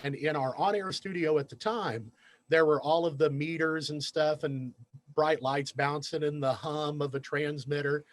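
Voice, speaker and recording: A man who works as a radio DJ and news director, guesting on a podcast and telling self-deprecating stories in a lively, casual way. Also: a little high, moderate pace. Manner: animated anecdote teller, self-deprecating.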